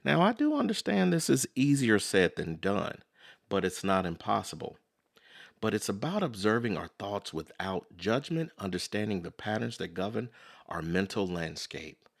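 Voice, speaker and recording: Animated man with a gravelly voice. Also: fairly low pitch, normal speed. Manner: conversational, repeats "so in other words"; acts out quoted voices. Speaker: podcast host. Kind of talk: motivational self-help talk.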